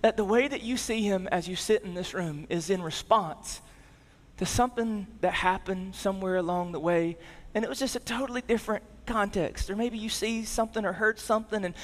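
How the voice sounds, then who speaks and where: A man in his thirties, preaching as a pastor, relates a family story while moving from lively emphasis to soft, low tones. He keeps a moderate pace, and the recording sounds like a big room.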